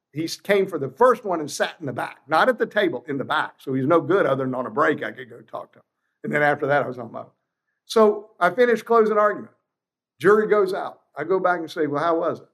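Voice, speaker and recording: A man in his sixties, a trial lawyer guest, telling courtroom stories bluntly and acting out quotes. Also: fairly high pitch. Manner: animated, blunt, salty, acts out courtroom quotes. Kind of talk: casual interview storytelling.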